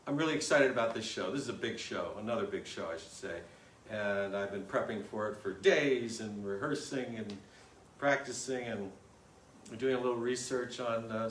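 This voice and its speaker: A man hosting a music live stream, talking in a relaxed, chatty way with many fillers. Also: mid-range voice, slight background noise. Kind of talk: casual live-stream chat. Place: home room. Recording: roomy echo, distant mic, guitar behind.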